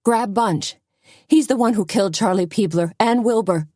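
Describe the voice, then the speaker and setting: A woman voicing a fierce female café owner on horseback, shouting in fury in an audiobook. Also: lowish voice, measured pace, slightly rough, dry recording, clean studio sound. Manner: shouting, furious. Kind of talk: audiobook character voice.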